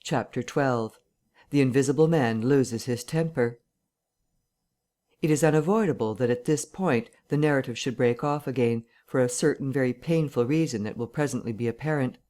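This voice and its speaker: A man narrating a classic novel audiobook in a measured, even reading. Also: medium pitch.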